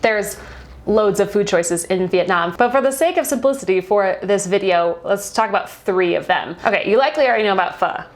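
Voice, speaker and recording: A woman's voice: medium pitch, brisk. A young American woman giving a casual travel guide as a vlogger, chatty and upbeat, laughing between points. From United States.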